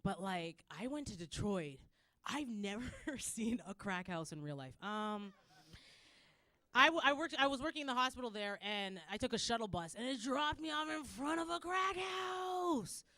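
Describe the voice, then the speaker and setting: High bright Canadian woman doing stand-up. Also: moderate pace, no room sound. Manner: loud animated storytelling, acts out characters, laughs often. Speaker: stand-up comedian. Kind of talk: stand-up comedy set.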